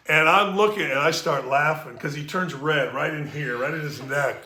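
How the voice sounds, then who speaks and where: Echoey, bright-voiced sports talk host. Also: male voice, fairly high pitch, moderate pace. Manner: profane storyteller, acts out quotes. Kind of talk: casual sports chat.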